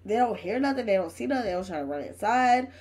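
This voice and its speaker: Excitable woman reacting to a horror film. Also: on the high side, fast, breathy edge, poor audio. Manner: talks back to the screen, emphatic and excitable; chatty, uses homespun comparisons. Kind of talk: casual reaction commentary.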